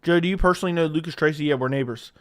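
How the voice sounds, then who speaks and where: A man's voice: on the high side, rapid-fire. A man hosting a live stream, casually reading viewer questions aloud and answering offhand, swearing freely into a studio mic. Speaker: livestream host. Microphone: studio dynamic mic.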